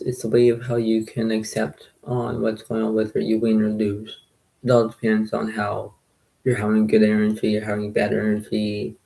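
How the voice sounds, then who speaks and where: A man talking quietly and softly to his viewers in a casual, rambling recap, often circling back to the same phrases. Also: on the low side, gravelly, low-quality recording. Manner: quiet, soft-spoken, repetitive and rambling. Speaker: poker video creator.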